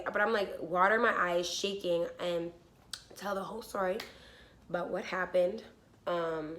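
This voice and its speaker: A woman's voice: on the low side, fairly bright tone. A young woman telling a storytime vlog, casual and full of swearing and "like", acting out what people said. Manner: casual, swearing, heavy use of "like", acts out quotes. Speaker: vlogger.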